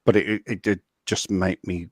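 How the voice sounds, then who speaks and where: A man's voice: low voice, fairly even intonation, normal speed, dry recording, studio quality. A man from England, co-hosting a casual chat, rambling with stumbling restarts. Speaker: co-host.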